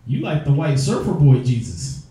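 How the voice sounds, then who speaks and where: With a mid-range, dark-toned voice that is very animated, a man preaches at a moderate pace, using profane street language to ridicule opposing views. He teaches a religious group, and the recording echoes heavily.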